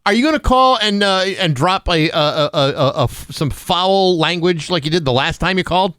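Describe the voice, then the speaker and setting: A man's voice: high voice, expressive, normal speed, fairly bright tone, clear, resonant tone, no room sound. A man hosting a morning radio show and taking calls, breezy and wry.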